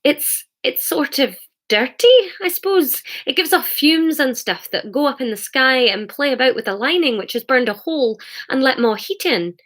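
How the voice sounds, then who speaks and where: A woman's voice: sits high, lively intonation, a bit bright. A woman reading a flustered hesitant man. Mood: sheepish. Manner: hesitant, halting. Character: flustered man explaining awkwardly.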